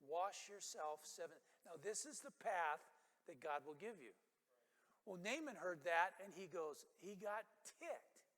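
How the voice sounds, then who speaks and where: An older man preaching a sermon as pastor, telling a story and acting out the people in it with animated quotes. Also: unhurried. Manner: animated, acts out quotes with rising pitch. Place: church sanctuary. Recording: long hall reverb.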